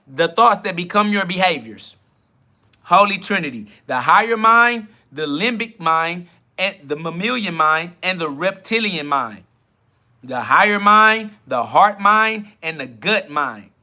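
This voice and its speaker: A man hosting a self-talk podcast, preaching in a combative, mocking and profane way, racing through some lines and drawing others out slowly. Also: high-pitched, lively intonation, sharp tone. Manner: shifts between rapid bursts and slow drawn-out emphasis. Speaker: podcast host.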